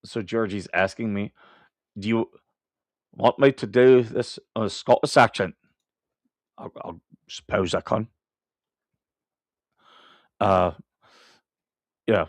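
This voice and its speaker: A man's voice: on the low side, slow pace, pauses often, no echo. Ranting male live-stream host. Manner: ranting, laughs often, rambling restarts. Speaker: livestream host. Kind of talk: casual live-stream commentary.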